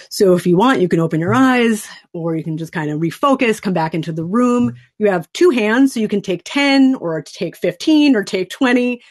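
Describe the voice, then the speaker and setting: A woman of mid-range pitch talks into a desk microphone during a training webinar. She explains a stress topic and then slowly walks listeners through a breathing exercise. Her manner is calm, soothing and instructive.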